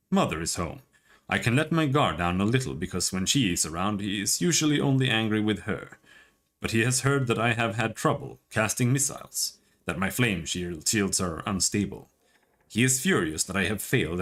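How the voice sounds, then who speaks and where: A man reading as a haunted young wizard. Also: on the low side. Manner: quiet, measured recollection.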